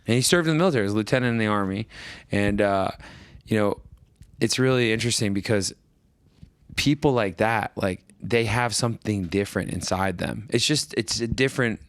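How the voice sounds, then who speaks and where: A middle-aged man, a podcast guest, telling stories in a rambling, animated way and acting out quoted voices. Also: lowish voice, brisk, no echo. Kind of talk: casual storytelling conversation.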